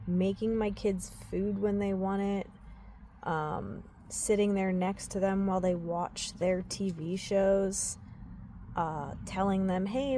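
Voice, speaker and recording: Slow-talking young woman, raw and unfiltered. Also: mid-range voice, a little mellow, a little hiss or hum. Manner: unfiltered, swearing, many filler likes. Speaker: mother talking about her life. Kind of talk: emotional personal vlog.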